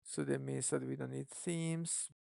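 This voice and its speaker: An app developer thinking aloud during a live coding stream, musing and questioning themselves in an unhurried way. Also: mid-range voice, steady tone, vocal fry, dark tone, dry recording, clean studio sound.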